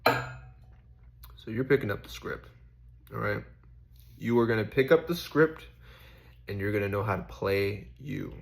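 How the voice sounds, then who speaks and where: Young man, lowish voice, casual reflective vlog, rambling, self-questioning, filler-heavy. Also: a little slow, creaky, pauses often. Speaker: faith vlogger.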